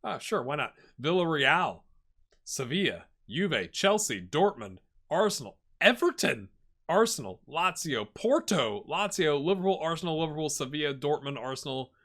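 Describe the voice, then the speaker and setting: A man's voice: fairly high pitch, very animated, normal speed, a bit bright. A man giving casual video game commentary, chatting and thinking aloud as he looks through results, often reacting with surprise. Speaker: gaming YouTuber.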